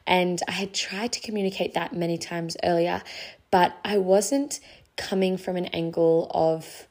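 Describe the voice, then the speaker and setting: A woman's voice: lowish voice, fairly even intonation, measured pace, a little mellow. A young adult woman hosting a casual faith podcast, earnest and encouraging, rambling a little and out of breath. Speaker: podcast host.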